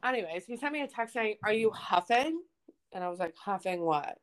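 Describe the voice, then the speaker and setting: A woman's voice: mid-range voice, fairly quick, noisy background. A young woman co-hosting a podcast, chatting casually and telling a story with lots of swearing. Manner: swears a lot, animated storytelling. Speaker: podcast co-host. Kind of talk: casual chat.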